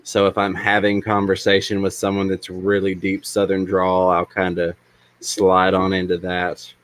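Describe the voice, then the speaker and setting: Very deep male voice, dead-dry mic, easygoing stream co-host. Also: completely flat delivery, normal speed, dry recording. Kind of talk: casual chat.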